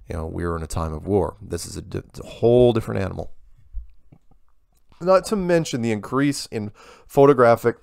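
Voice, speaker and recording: A man's voice: low-pitched, vocal fry, no echo, studio quality. A man hosting a solo show, reading viewer emails aloud and answering them in a casual, rambling way with fillers and restarts. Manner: conversational, many fillers and restarts.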